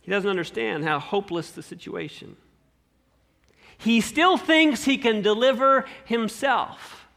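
A man preaching a sermon in an animated way, swinging between loud emphasis and hushed asides. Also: high voice, unhurried, gravelly. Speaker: pastor.

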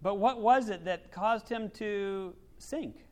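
Man, pastor, high voice, sermon, animated, loud emphasis and quiet asides. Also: slow.

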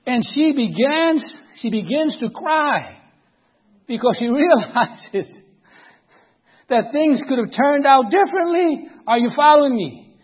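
A man's voice: very high-pitched, expressive, unhurried, highs cut off. A middle-aged man telling a story in a sermon, dramatic and often checking that his listeners are following.

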